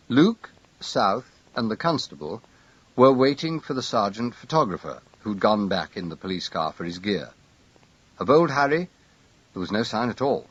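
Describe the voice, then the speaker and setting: Man with husky, expressive storytelling voice. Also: on the low side, no room sound, lo-fi sound. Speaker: audiobook narrator. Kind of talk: scripted narration.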